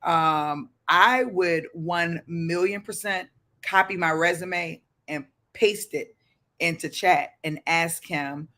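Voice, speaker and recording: A Baltimore-accented man hosts a motivational livestream in a high, bright voice with a forceful edge. He preaches fervently, reads viewers' comments out loud, and bursts into shouting.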